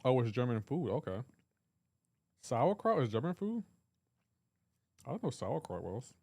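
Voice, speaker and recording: A male game streamer talking casually with his live chat, quick to joke and tease. His voice sits in a middle range and comes through a dry, close microphone. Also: mid-range voice, big pitch swings, vocal fry, darkish tone, no echo. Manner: joking, reads and answers chat aloud.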